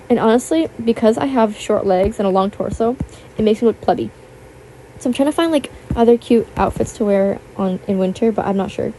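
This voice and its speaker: A teenage girl chats away in a slightly high voice, rambling from one thought to the next with lots of fillers. She is self-conscious and apologetic, and her voice has a slight roughness to it. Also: mellow, slight background noise. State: voice a little rough. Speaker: YouTuber. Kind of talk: casual chat over gameplay.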